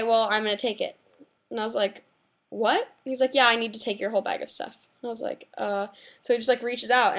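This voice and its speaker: A young woman vlogging, retelling her dreams in a chatty, animated way, full of "like" fillers. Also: on the high side. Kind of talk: casual vlog storytelling.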